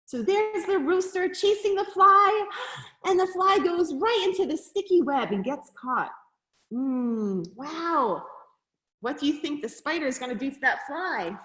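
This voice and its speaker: Reading a picture book aloud to children, a woman who works as a nature center educator speaks animatedly at a measured pace in a high voice. She gasps in surprise and poses questions to her listeners along the way, and the recording sounds reverberant.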